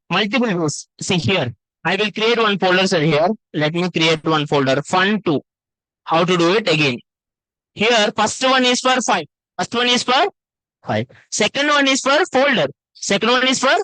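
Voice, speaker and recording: A man leads a live online coding lesson through a computer mic. His voice is bright and the sound is dry and close. He repeats phrases and keeps calling his students sir and ma. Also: high-pitched, no room sound, low-quality recording. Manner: repetitive, addresses students as sir and ma. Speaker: coding teacher.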